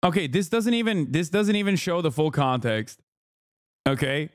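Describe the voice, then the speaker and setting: A man's voice: a little high, lively intonation, normal speed, dry recording, studio quality. A man streaming live, reacting to clips with sarcastic, profane commentary and mock anger.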